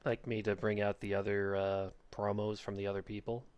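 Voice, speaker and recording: A man's voice: fairly low pitch, level tone, brisk, a little mellow, clear, resonant tone, highs cut off. A man reading out written promos, offhand and hesitant. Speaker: promo reader.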